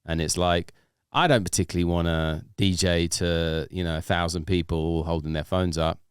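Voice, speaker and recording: A man's voice: low-pitched, steady tone, normal speed, clean tone, no room sound, studio quality. A man, a DJ guest, chatting casually on a podcast, rambling with lots of "like" and restarts.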